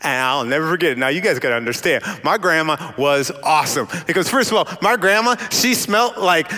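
A young man telling a stand-up story, animated and acting out the voices of the people in it. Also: a little fast, long reverb tail. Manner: animated, acts out voices, big pitch swings. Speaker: comedian.

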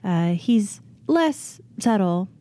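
Woman player in a tabletop game, poised and courtly, mellow voice. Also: mid-range voice, animated, extremely slow, no echo. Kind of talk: in-character tabletop role-play.

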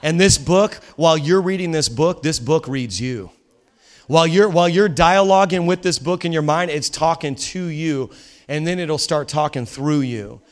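A man preaching a sermon at a church service, his voice sitting a little higher than most. He tells stories with energy to a live congregation, slipping into bits of acted-out dialogue. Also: moderate pace. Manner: animated storytelling with laughs and acted-out quotes. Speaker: pastor.

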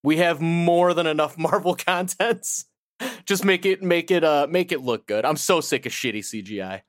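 A man's voice: on the high side, normal speed, no echo, clean studio sound. A man co-hosting a casual podcast, blunt and opinionated, swearing freely. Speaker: podcast co-host.

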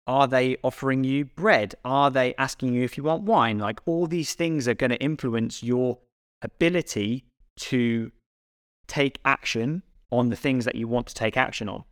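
A male fitness coach talks through ideas on a casual podcast, steady and explanatory. His voice is mid-pitched and ordinary. The sound is dry and close-miked. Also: moderate pace, no room sound. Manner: explanatory, steady, asks rhetorical questions.

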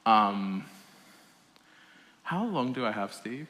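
A man giving a personal testimony talk to an audience in a hall, animated and laughing often, with a self-deprecating humour. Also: fairly low pitch, slow pace. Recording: reverberant hall.

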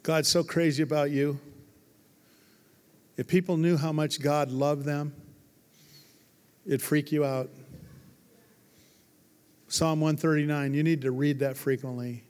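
Pastor guy preaching, kinda high voice, big church echo, goes from quiet to loud. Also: steady tone, slow, pauses often. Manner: emphatic, swinging from hushed to loud. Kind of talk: sermon. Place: large church hall. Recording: long hall reverb.

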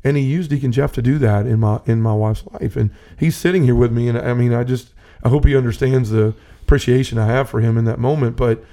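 A man's voice: medium pitch, steady tone, quick pace, hardly any pauses, dark tone. A man telling a personal faith story in casual conversation, earnest and rambling with many restarts. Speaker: podcast host. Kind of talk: personal testimony in casual talk.

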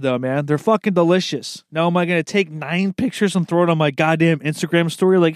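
Young male comic host, higher-pitched, dry and close; loose, profane monologue, keeps saying dude. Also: animated, fairly quick, few pauses, no room sound. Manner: profane, rambling, calls everyone dude, laughs at own jokes. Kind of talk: comedic solo riffing.

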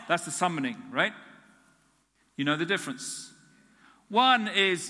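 A man's voice: sits high, a little slow, long pauses. A man preaching a sermon as a pastor, acting out little dialogues with God to make his point. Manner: animated, acts out dialogue with God. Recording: long hall reverb.

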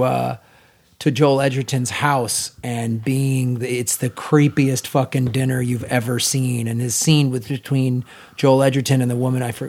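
A man's voice: mid-range voice, darkish tone. A man co-hosting a film podcast, talking bluntly and emphatically and cursing freely. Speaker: podcast co-host. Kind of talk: casual film chat.

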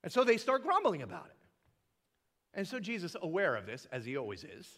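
A man preaching a sermon in a church sanctuary, and he acts out the scripture with a lot of drama. His voice sits a touch high and leaps widely from low murmurs to excited peaks. A long reverb from the big hall trails after every phrase. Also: a little fast. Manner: animated, dramatic delivery acting out scripture quotes. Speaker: pastor.

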